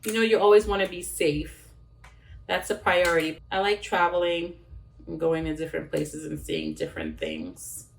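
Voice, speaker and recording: A woman's voice: lowish voice, animated, moderate pace, creaky, a little hiss or hum. Chatty woman cooking in a roomy kitchen. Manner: chatty, rambling with fillers and restarts. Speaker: cooking vlogger. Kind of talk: casual cooking chat. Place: home kitchen. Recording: roomy sound from a distance.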